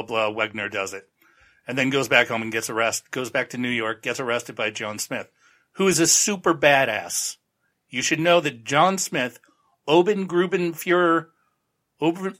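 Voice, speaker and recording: A man's voice: medium pitch, bright, forceful tone. A male podcast host giving a rambling, sarcastic, casual recap of a TV show.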